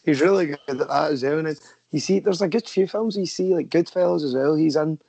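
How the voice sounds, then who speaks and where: Gravelly man, casual and sweary. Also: fairly high pitch, fairly quick, mellow, no echo. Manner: swears casually, tags questions. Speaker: podcast co-host. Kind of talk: casual film review chat.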